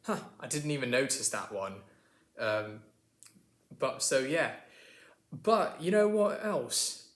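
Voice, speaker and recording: An easygoing young British man with a Southern English accent , put on by a man, says example words twice and slowly in a relaxed, chatty way. His voice sits mid-range, and the room around him is echoey. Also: mid-range voice. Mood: casual. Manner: easygoing, demonstrates words by repeating them slowly.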